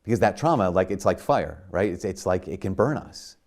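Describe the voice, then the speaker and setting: Low-voiced conversational priest preaching. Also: male voice, lively intonation, fairly quick, darkish tone. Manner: conversational, frequent "like" and restarts; rises to emphatic bursts. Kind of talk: sermon.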